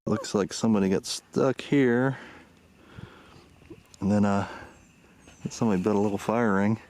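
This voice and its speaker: A man's voice: lowish voice, normal speed, a little mellow. A man casually narrating a walking vlog outdoors, rambling loosely with plenty of fillers. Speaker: vlogger. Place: outdoors on a forest trail and road. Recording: outdoor noise behind the voice.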